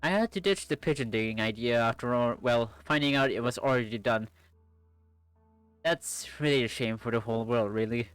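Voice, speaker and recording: A woman's voice: a bass voice, moderate pace, clean tone, no echo, faint music behind. A streamer voicing a shy, nerdy young woman in a visual novel, talking awkwardly and trailing off. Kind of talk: visual novel read-aloud.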